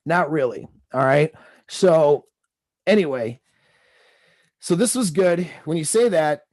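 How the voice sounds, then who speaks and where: A man's voice: fairly high pitch, expressive, a little slow, darkish tone, no echo, studio quality. A man coaching on dating, talking loosely and rambling as he reads out text messages and comments on them.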